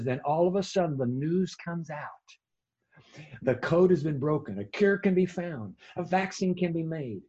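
Brief: male preacher, dark husky voice, dramatic storytelling sermon, dull lo-fi recording. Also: on the high side. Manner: vivid storytelling with sudden hushed drops.

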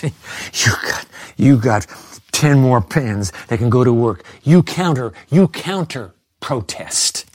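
Man, pastor, sermon, animated delivery, swooping pitch, dry close sound. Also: takes it slowly, no echo. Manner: animated preaching, reads quotes aloud.

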